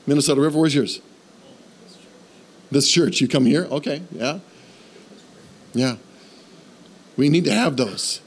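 A man preaching in a church with a fairly high voice. He talks in a lively, conversational way, often turning to the congregation with questions. His delivery moves between quick bursts and slower, emphatic phrases. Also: slightly rough. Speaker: pastor. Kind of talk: sermon.

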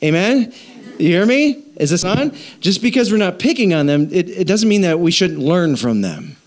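A man preaches to his congregation in a chatty, jokey way, firing questions at them. His voice sits a little high and swings widely in pitch. He sounds like a pastor at a church service. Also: sing-song, moderate pace. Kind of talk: sermon.

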